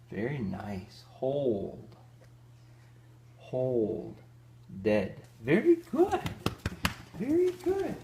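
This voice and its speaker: A man's voice: medium pitch, fairly bright tone. A man running a live dog training demonstration, giving short firm commands to his dog between explanations. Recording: distant mic, roomy echo, faint noise.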